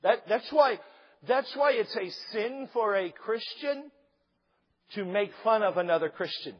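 Husky, high-voiced preaching man. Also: a little slow. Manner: animated preaching with jokes and acted-out quotes. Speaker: pastor. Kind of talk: sermon. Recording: slightly dull lo-fi sound.

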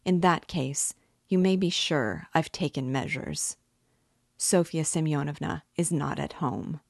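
A woman reading aloud as an obsessive, menacing male nobleman, slow and quietly intense. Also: low-pitched, gravelly, dry recording, clean studio sound, heavily acted. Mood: cold, mocking. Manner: slow, quietly intense pleading turning coldly mocking. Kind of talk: audiobook reading.

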